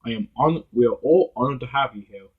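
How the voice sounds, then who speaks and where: A man's voice: mid-range voice, brisk, husky, phone-quality sound, lightly acted. A man voicing a formal, polite male railway boss welcoming guests.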